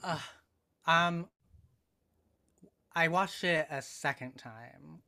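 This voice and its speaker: Male podcast guest, bright and forceful, measured and reflective, many pauses. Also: on the high side, creaky. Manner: thoughtful, measured, frequent ums and pauses. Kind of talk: casual conversational analysis.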